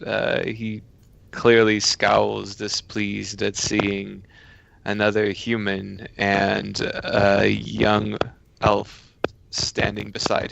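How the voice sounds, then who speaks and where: A man playing a tabletop game, describing his character's actions in a measured way. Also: fairly low pitch, gravelly, fairly bright tone, lo-fi sound, slight background noise. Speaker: player.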